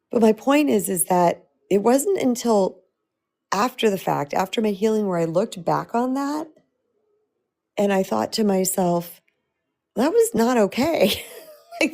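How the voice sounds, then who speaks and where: A middle-aged woman host telling a personal story in a chatty, animated way, laughing often. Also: medium pitch, gravelly. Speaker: host and self-love coach. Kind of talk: storytelling talk.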